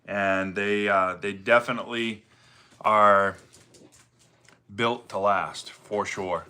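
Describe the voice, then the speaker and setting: A middle-aged man from Maine, his accent showing through, chats easily on a livestream with a bright, forceful tone. He greets viewers by name and rambles along with lots of ums and uhs. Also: fairly low pitch, fairly even intonation, slow, long pauses, smooth. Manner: easygoing, greets viewers by name, many fillers. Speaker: livestream host, firewood seller. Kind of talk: casual livestream chat reading viewer comments.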